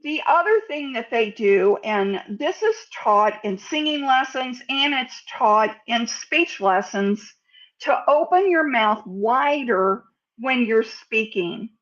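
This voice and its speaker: An American woman giving a sales speaking lesson, over-enunciating example words in a deliberate, teaching manner. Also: on the high side, expressive, a bit bright, muffled recording. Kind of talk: instructional talk to camera.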